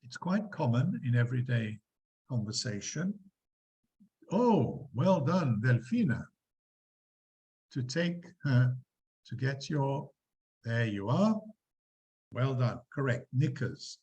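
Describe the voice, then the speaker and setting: A man lecturing a university class, explaining examples with animated emphasis and quizzing students. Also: mid-range voice, takes it slowly, poor audio. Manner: lively, quizzing students, acting out quotes.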